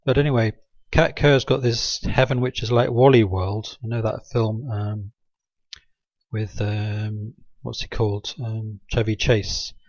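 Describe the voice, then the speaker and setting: A man's voice: fairly low pitch, steady tone, measured pace, a little mellow, no echo, lo-fi sound. A man rambling through a satirical monologue, sarcastic and hesitant, with many ums. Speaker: video maker.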